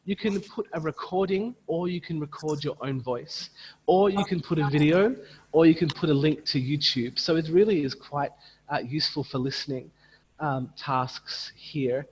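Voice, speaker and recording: A man leading an online teacher training, patiently modelling words slowly and repeating them for his audience over a video call. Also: a little high, long reverb tail, a little hiss or hum, poor audio. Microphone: computer mic on a video call.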